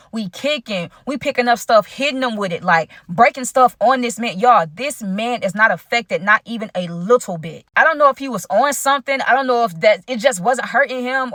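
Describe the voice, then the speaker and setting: A woman's voice: a little high, fairly bright tone, no echo, studio quality. A young woman telling a dramatic personal story in a casual, chatty vlog style, addressing her viewers directly.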